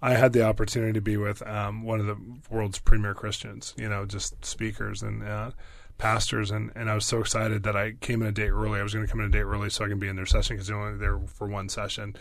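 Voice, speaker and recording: A pastor being interviewed, telling stories in an excitable way with many fillers and quick bursts. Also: male voice, fairly low pitch, no room sound. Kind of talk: animated storytelling.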